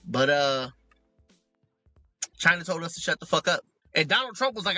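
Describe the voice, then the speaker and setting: A man co-hosting a comedy podcast, talking in an animated, profane, joking way. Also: fairly high pitch, normal speed, pauses often, no echo, soft background music. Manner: animated, profane, joking, does mock voices in asides. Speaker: podcast co-host. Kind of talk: casual comedic commentary. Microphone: remote recording, close mic.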